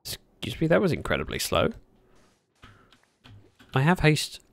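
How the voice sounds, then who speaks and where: A man chatting casually at his desk while livestreaming a game, speaking into a desk microphone, with sudden excited yelps. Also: a little high, measured pace, creaky. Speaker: gaming livestreamer. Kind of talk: casual commentary while playing.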